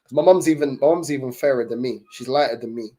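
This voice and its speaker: A man's voice: mid-range voice, quick pace, warm tone. A young man chatting casually to his livestream viewers, in laid-back, slang-heavy talk full of fillers. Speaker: livestream host.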